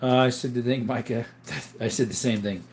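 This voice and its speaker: A man hosting a live stream in casual chat, greeting viewers and reading their questions aloud, explaining things in a relaxed, rambling way. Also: medium pitch, normal speed.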